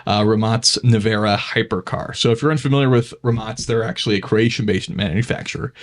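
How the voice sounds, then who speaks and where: A man's voice: lowish voice, fast. A man co-hosting a car podcast, explaining car news in an easygoing way with plenty of fillers. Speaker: podcast co-host. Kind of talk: casual car news chat.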